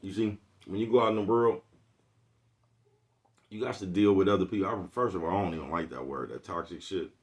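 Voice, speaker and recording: Deep-voiced man ranting casually on a livestream. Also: a little fast, pauses often. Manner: streetwise slang, keeps asking "you know what I'm talking about". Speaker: livestream vlogger.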